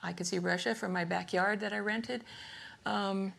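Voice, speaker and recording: Older woman, gravelly, rambling funny lecture, laughs a lot, talks to a live audience. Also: medium pitch, steady tone, normal speed, a bit bright. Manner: chatty, laughs often, self-interrupting. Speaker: artist giving a lecture. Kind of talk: rambling humorous storytelling talk.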